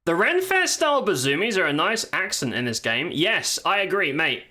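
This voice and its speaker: A man's voice: high-pitched, very animated, normal speed, bright, forceful tone. A man streaming live gameplay with commentary, swearing and exclaiming while chatting to viewers. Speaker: game streamer. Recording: game music underneath. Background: faint game music.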